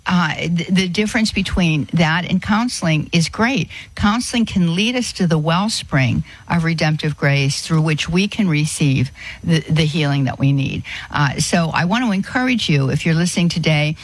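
A man giving an earnest Christian talk on inner healing, halting often with fillers and restarts. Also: fairly high pitch. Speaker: Christian speaker.

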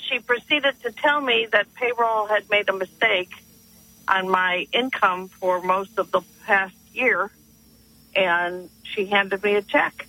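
Bright, husky-voiced woman calling in by phone. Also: medium pitch, takes it slowly, no room sound. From northeastern Pennsylvania. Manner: earnest, animated storyteller. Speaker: caller. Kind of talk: phone-in storytelling. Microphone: telephone. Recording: tinny phone line.

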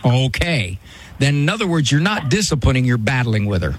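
A man's voice: medium pitch, brisk, slight background noise. A man hosting a call-in radio advice show, blunt and direct with his caller. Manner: blunt, lively, mimics voices in quotes. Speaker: radio call-in host, psychologist.

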